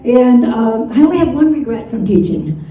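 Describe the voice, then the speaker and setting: A woman's voice: a little high, very animated, normal speed, dull audio. An older woman doing a stand-up comedy set, self-deprecating and laughing through her own jokes. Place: stage in a room. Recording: echoey room, mic far off.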